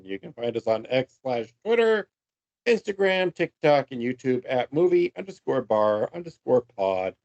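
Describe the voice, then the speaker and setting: A man with a fairly high, animated voice co-hosts a podcast, reading plugs with upbeat energy. The sound is muffled and lo-fi. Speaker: podcast co-host. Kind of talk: casual podcast chat.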